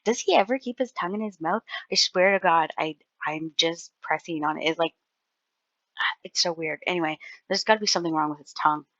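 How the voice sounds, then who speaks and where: Female commentator, lower register, rambling and exasperated, dull dry recording. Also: fairly quick, a bit bright, no echo. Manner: rambling, exasperated, heavy use of "like". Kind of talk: casual reaction commentary.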